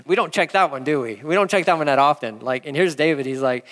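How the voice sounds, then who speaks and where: A male pastor preaching a conversational, animated sermon with casual asides. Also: fairly high pitch, moderate pace. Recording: long hall reverb.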